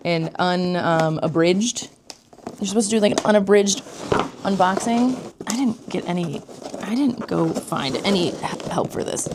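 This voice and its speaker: A woman vlogger giving casual unboxing commentary, excitable, gasping and often slipping into whispers. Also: mid-range voice, fairly quick, gravelly, background noise.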